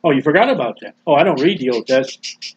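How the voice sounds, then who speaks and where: A male preacher giving a lively, jokey sermon and acting out scenes, on a dull lo-fi recording. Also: fairly high pitch, fast talker, breathy edge. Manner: animated, jokey, acts out scenes. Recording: dull lo-fi sound.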